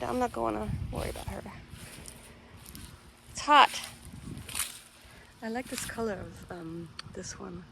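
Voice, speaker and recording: A woman talks casually to her phone camera while filming her cats, cooing at them and then lowering her voice. Her pitch sits in the middle range. Faint outdoor noise runs under her voice. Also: vocal fry. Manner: chatty, coos at her cats, sometimes drops to a whisper. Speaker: vlogger. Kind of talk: casual vlog chat. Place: backyard outdoors, then indoors.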